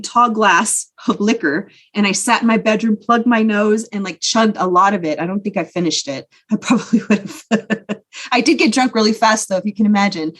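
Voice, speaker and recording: A woman talking as a podcast guest, telling her own life story in a candid, earnest way. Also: mid-range voice. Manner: candid, earnest recounting of painful memories. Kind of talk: personal storytelling.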